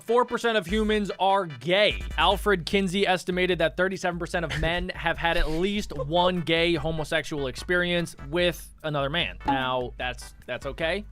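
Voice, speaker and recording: Young man with dry, deadpan jokes. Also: on the high side, a little slow, soft background music. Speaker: co-host. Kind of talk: casual banter among friends.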